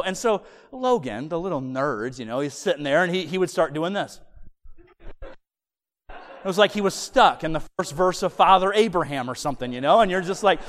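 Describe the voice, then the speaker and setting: A man delivers a sermon through a personal story, his voice sitting a bit high for a man. He swings between loud, excited bursts and quiet, hushed stretches. Everything carries a long reverb from a large hall. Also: fast talker. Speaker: pastor.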